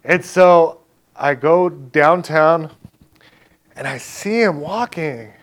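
A man telling a personal faith testimony in a casual, chatty way, full of "like" and "right?" and acting out what others said. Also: a little high. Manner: acts out others' lines in quick back-and-forth. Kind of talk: casual spoken storytelling.

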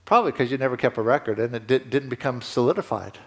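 A man preaching a sermon to his congregation in a conversational way, rising in pitch and emphasis at key points. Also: fast, hardly any pauses, fairly bright tone. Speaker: pastor.

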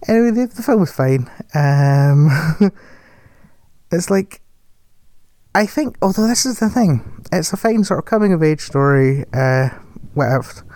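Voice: mid-range voice, animated, measured pace, darkish tone, no room sound. A person chatting casually about a film, rambling, correcting themselves and laughing often. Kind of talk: casual film review chat.

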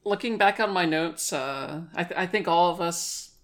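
A co-host in a casual chat about a video game, speaking in a measured, reflective way with fillers. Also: mid-range voice.

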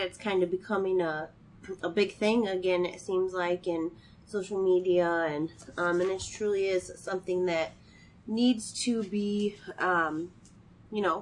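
A woman's voice: fairly low pitch, a bit bright, rough recording. A woman with a stuffy, nasal voice from a cold, co-hosting a casual chat show with many fillers. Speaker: podcast co-host.

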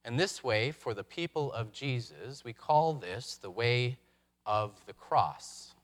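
A man preaching a sermon, reflective, posing rhetorical questions with dramatic pauses. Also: mid-range voice, lively intonation. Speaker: pastor.

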